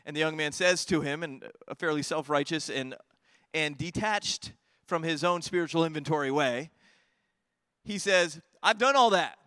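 A man preaching a sermon as pastor, talking to his congregation in a conversational way, often repeating words as he builds toward emphatic high points. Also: moderate pace, fairly bright tone, clean tone, no echo, studio quality.

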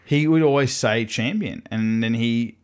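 A man's voice: medium pitch, a little slow, smooth. A man hosting a podcast, laid-back casual chat with swearing and fillers. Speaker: podcast host.

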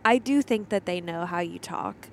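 A woman's voice: on the low side, vocal fry, a little hiss or hum. Teasing woman co-host in a car. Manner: teasing, laughing, quick interjections. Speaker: podcast co-host. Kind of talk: casual chat. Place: moving car.

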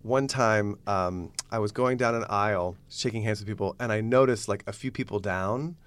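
A man telling a funny theater anecdote as a podcast guest, lively and quick to slip into voices for his quoted lines. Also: fairly low pitch, clear, resonant tone, no echo. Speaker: guest storyteller. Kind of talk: animated anecdote.

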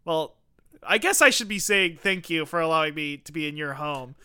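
A man's voice: fairly high pitch, expressive, moderate pace, pushed and bright, clean tone. A man hosting a casual comedy podcast, rambling through absurd bits and laughing often. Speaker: podcast host.

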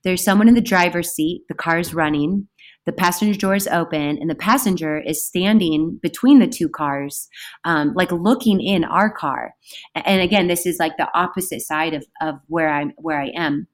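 Woman telling a story, kinda low voice, gets loud and animated, casual chat. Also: moderate pace. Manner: animated, breaks into loud shouted outbursts. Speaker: podcast guest.

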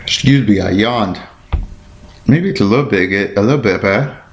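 A man's voice: lowish voice, moderate pace, roomy sound. A man hosting a podcast on his own, rambling and thinking aloud as he looks things up, tripping over words and apologizing for it. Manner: self-deprecating, stumbles over words. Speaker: podcast host. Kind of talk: casual solo podcast talk.

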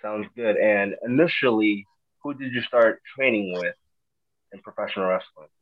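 A male interviewer asks short casual questions and answers with quick, upbeat acknowledgements. His voice comes through a thin, tinny phone line. The sound is dry. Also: on the low side, no echo.

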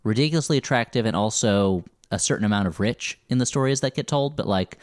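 A man co-hosting a podcast, chatting about a TV series with quick jokes and asides. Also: medium pitch, a little mellow, no echo, clean studio sound. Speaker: podcast co-host. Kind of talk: casual recap chat.

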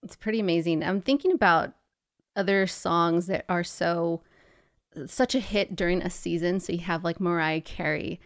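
A woman's voice: on the low side, normal speed, no room sound, studio quality. A woman co-hosting a podcast in casual chat, musing aloud as she talks. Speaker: podcast co-host.

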